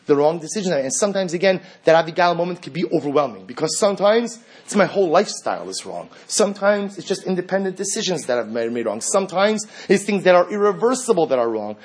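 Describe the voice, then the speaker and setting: A man's voice: a little high, slightly rough. A man teaching a religious class, earnest and fond of rhetorical questions.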